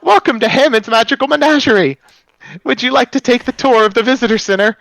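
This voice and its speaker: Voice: mid-range voice, quick pace, gravelly, a bit bright, dry recording, voice pushed up, rough recording. A game master voicing a cheery male elemental made of stones who works as a tour guide, gushing and eager to please. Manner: gushing, eager to please, repeats his welcome.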